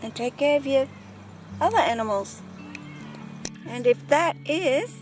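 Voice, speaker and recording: Woman, unhurried pet vlogger talking to camera outside, music bed underneath. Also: high voice, animated. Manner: chatty, talks baby talk to her cat. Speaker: vlogger filming her pets. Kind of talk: casual chat to camera. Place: outdoors in a yard.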